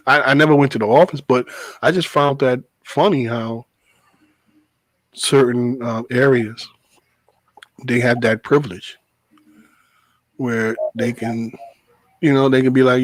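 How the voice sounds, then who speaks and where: A man hosting a casual talk show, a bus driver telling stories in an animated, profane way. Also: mid-range voice, unhurried, pauses often, no room sound, rough recording. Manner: animated storytelling, swears freely, laughs. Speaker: podcast host, bus driver. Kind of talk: casual chat.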